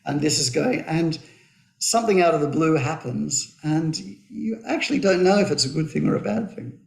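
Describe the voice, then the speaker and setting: A man chatting on a radio show, telling anecdotes in an animated way and laughing often. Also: on the high side, moderate pace, gravelly, reverberant. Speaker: radio co-host. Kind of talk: casual radio chat.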